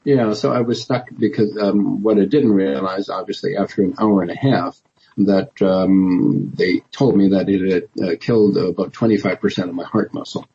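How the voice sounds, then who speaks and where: A man's voice: low-pitched, fairly even intonation, moderate pace, vocal fry, dark tone, lo-fi sound, a little hiss or hum. A man, a politician guest in an interview, telling his story in a rambling way with many restarts and fillers. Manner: rambling, many restarts and "you know", laughs often.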